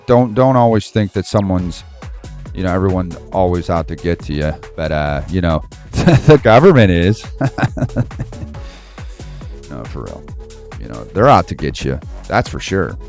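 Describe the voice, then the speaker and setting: Man, very low voice, swinging pitch, heated rambling rant, faint music behind. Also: expressive, moderate pace, a little mellow. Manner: heated, rambling, slangy, laughs to himself. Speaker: Bible study host. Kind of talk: casual ranting commentary.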